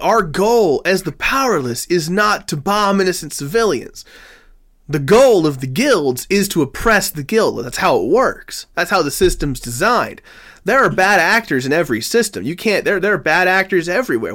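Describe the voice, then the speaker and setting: A man runs a tabletop role-playing game, narrating and arguing in character. His voice sits a little high, and he talks fast and casually, often restarting a sentence. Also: sing-song, fairly bright tone. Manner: quick, conversational, with restarts and laughs. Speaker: game master.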